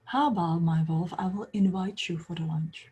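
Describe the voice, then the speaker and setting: Sweet calm little girl in a red hood, soft breathy storybook voice, kind and soothing, a woman doing her. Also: fairly low pitch, moderate pace. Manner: gentle, soothing, sometimes whispered.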